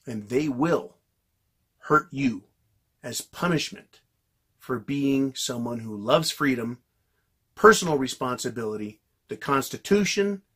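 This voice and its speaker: Husky man ranting angrily to camera. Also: mid-range voice. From United States. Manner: yells and vents angrily, heavy swearing. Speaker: political commentary vlogger. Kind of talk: ranting monologue to viewers.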